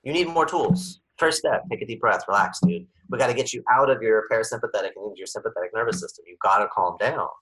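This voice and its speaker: Low husky guy on a podcast, bright tone, gets animated acting stuff out. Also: quick pace, few pauses, poor audio. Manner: animated, acts out scenes with sudden louder, higher bursts. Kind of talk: podcast conversation.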